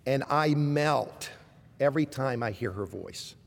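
A middle-aged man with a Southern American accent preaching a sermon, moving between emphatic exhortation and soft, tender asides. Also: medium pitch, measured pace, vocal fry, long reverb tail. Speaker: pastor.

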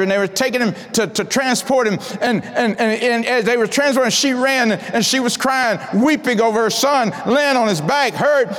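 High-voiced preacher in echoing hall. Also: male voice. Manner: dramatic swings from hushed asides to shouted declarations, many repeated restarts. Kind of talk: sermon with personal testimony. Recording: long hall reverb.

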